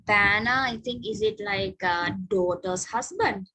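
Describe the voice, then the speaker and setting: A woman's voice: medium pitch, a little slow, a bit bright, slightly rough, rough recording. A woman teaching a spoken class, patient and encouraging with her students. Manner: patient, encouraging, mixes in Sinhala and Tamil. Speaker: English teacher. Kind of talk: online spoken English class.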